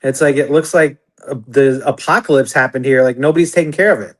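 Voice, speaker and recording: A man in casual chat as a co-host, talking in a halting way with many "like"s and restarts, on a video call mic. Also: medium pitch. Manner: halting, filler-heavy, frequent "like".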